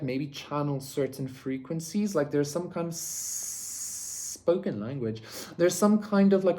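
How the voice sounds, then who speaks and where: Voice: mid-range voice, darkish tone. Rambling casual tarot reader. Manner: rambling, many "like" and "okay?" tags, swears freely. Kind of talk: casual pick-a-card tarot reading.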